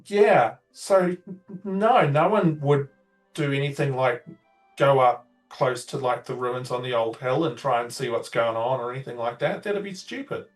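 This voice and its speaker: A man's voice: medium pitch, normal speed, recorded from a distance, soft background music, lightly acted. A man voicing a nervous young male villager who stammers and rambles through denials. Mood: flustered.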